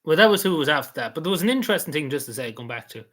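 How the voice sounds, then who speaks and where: A man's voice: fairly high pitch, big pitch swings, racing, fairly bright tone, slight background noise. A man, casually recapping an event he attended, rambling and repeating himself with many fillers. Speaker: vlogger.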